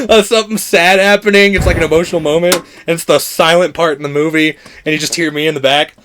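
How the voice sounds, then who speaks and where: A man's voice: fairly high pitch, fast talker, hardly any pauses, slight background noise. A young man co-hosting a podcast in casual chat, telling stories with laughter and acted-out quotes. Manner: animated storytelling, laughing often, acting out quotes. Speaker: podcast co-host. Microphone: podcast microphone.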